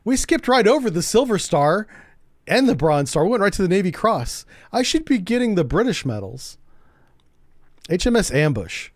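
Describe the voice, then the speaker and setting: A man streams a game and keeps up casual, joking commentary as he thinks out loud. His voice sits fairly high and swings up and down in a lively way. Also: normal speed, no room sound, studio quality.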